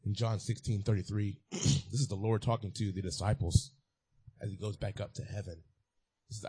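A man's voice: fairly low pitch, little pitch movement, moderate pace, long pauses, mellow, husky. A man preaching a sermon as a pastor, repeating key phrases and building to emphatic peaks.

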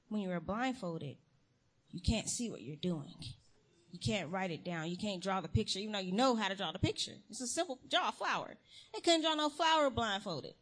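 A young adult woman giving a casual sermon to her church, telling stories with slang and acting out quotes. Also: medium pitch. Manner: lively storytelling with slang and acted quotes. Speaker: church speaker.

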